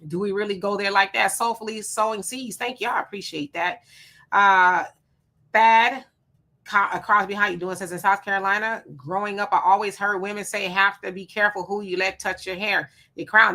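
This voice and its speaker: A woman hosting a casual livestream, reading viewer comments aloud and giving quick, relaxed replies. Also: mid-range voice. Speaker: livestream host.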